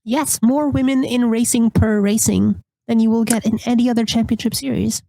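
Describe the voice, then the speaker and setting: Mellow-voiced woman with American accent. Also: fairly high pitch, steady tone, gravelly, no echo, poor audio. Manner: earnest, deliberate commentary. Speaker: podcast co-host. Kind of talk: casual podcast chat.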